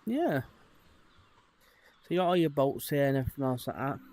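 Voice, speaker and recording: A man's voice: medium pitch, lively intonation, brisk, darkish tone. A man chatting casually to his viewers while exploring in a VR headset, rambling with lots of fillers. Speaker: streamer. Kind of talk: casual live-stream chat.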